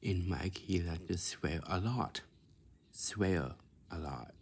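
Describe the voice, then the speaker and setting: A man's voice: low-pitched, slow, gravelly, a little mellow, husky. A man talking casually in a rambling way, repeating himself and coaxing his listener with questions. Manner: repetitive, coaxing questions with many restarts.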